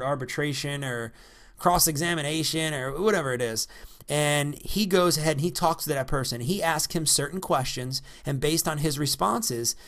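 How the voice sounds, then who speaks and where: Energetic man coaching off the cuff. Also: fairly high pitch. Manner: energetic, repetitive, coaching tone with frequent "all right?". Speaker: real estate investing coach. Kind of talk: unscripted training talk. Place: by the ocean. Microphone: microphone.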